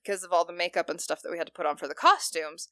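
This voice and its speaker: Young woman, podcast co-host, bright voice, dry close sound, laughs a lot. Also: lowish voice, expressive, rapid-fire, dry recording. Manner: laughs often while telling a story. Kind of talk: casual chat.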